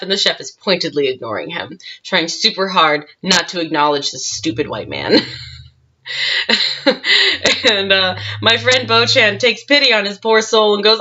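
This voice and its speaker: A woman's voice: medium pitch, normal speed, bright, forceful tone. A woman cosplayer telling a convention story in a casual storytime vlog, chatty, with frequent laughs and fillers, on a dull, lo-fi recording. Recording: dull lo-fi sound.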